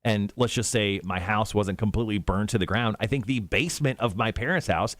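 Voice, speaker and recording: A man's voice: fairly low pitch, fairly quick, fairly bright tone, no echo. A man hosting a morning radio show at a studio mic, joking and rambling playfully.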